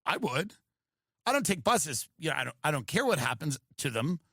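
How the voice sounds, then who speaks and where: A man's voice: a little high, sing-song, moderate pace, sharp tone, breathy edge, no echo, studio quality. A man hosting a comedy podcast, riffing sarcastically and acting out mocking voices.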